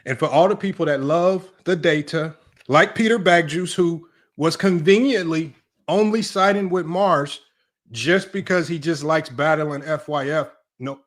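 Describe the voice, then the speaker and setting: A man's voice: fairly high pitch, fairly bright tone. A man hosting a livestream sports talk show, emphatic and repetitive, tossing in "right?" and "y'all" as he argues a point. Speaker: sports channel host.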